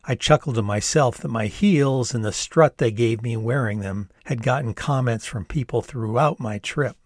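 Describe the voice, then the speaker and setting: An older American-born man tells his own story in a wry, easygoing storyteller's voice. His pitch is a plain middle register, and the sound is dry and close with no room around it. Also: normal speed, no echo. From the United States. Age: 60s. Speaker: author reading his own memoir-novel. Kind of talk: storytelling narration.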